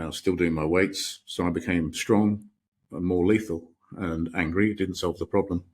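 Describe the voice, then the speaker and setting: British man, middle-aged, podcast guest, very low pitch, husky, reflective storytelling. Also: a little mellow. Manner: reflective, anecdotal, many restarts.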